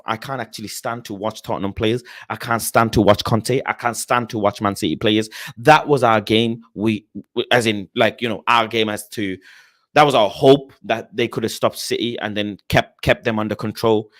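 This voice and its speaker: At a moderate pace, a young man hosts a laid-back football livestream and reads out viewers' messages. He is passionate throughout, alternating between loud rants and muttered asides under his breath.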